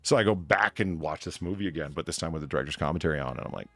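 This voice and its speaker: A man's voice: extremely low pitch, rapid-fire, hardly any pauses, fairly bright tone, no room sound, faint music behind. A man hosting a podcast in casual, rambling chat, swearing freely and gushing about what impresses him. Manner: rambling, profane, enthusiastic. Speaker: podcast host.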